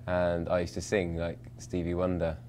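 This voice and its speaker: Deep-voiced man, rambling and self-mocking. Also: completely flat delivery, normal speed, darkish tone, slight background noise. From England, London. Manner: rambling, self-mocking, many fillers and restarts. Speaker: actor as interview guest. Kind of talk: casual interview answers.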